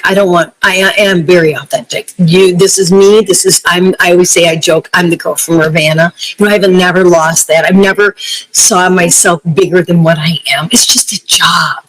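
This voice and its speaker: A middle-aged woman, a broadcast journalist, chatting as a guest and telling lively stories, laughing often and acting out the voices she quotes. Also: lowish voice, dry recording, rough recording. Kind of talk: casual interview chat, storytelling.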